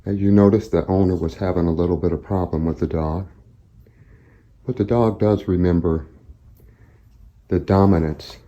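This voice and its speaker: Deep-voiced man explaining dog training. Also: moderate pace, long pauses, highs cut off. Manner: steady, instructive, narrates each step as he works. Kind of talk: explaining a training session to camera.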